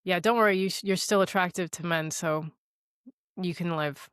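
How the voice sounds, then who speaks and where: A woman's voice: on the low side, moderate pace, fairly bright tone, smooth, no echo, studio quality. A woman co-hosting a podcast, recapping a movie in casual chat, acting out the characters' lines and laughing often. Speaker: podcast co-host.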